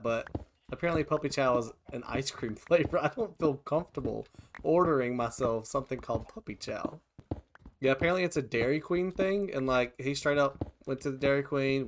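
A man hosting a video game let's play, chatting casually and often bursting into high-pitched shouts and laughter. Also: gravelly, slight background noise. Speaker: gaming channel host.

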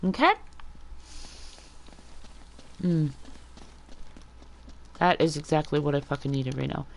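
A woman's voice: sits low, normal speed, gravelly. A woman streaming a video game, cursing at enemies and talking with her mouth full of food. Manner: profane, short-tempered trash talk at the game; talks while chewing food. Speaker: gaming streamer. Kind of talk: casual let's-play commentary.

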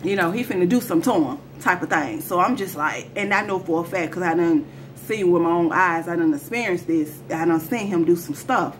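A woman's voice: on the low side, a little fast, slight background noise. A woman telling a personal story to her viewers in a casual storytime vlog, talking in slang and speaking straight to them. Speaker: storyteller vlogger.

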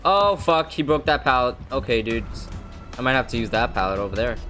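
Young male streamer, wired and excitable, swears a lot, very lively pitch. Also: a little fast, faint music behind. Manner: hyper, excitable, swears often. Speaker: gaming streamer. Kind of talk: hyped gameplay commentary.

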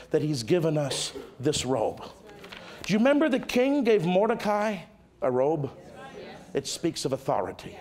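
Pastor, male, higher voice, very animated delivery; dramatic sermon with loud peaks and quiet drops. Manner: dramatic preaching, swings from loud exclamations to hushed tones.

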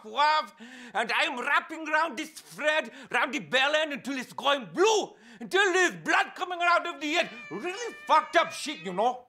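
An actor playing an eccentric male psychic in a comedy sketch, talking in broken English with excitable, crude patter. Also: very high-pitched, exaggerated voice. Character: eccentric male spoon-bending psychic impression.

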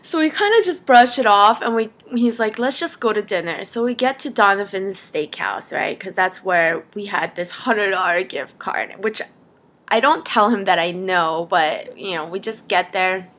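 A young adult woman vlogging, telling a story in a casual, animated way, laughing often and saying "like" a lot. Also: medium pitch, normal speed.

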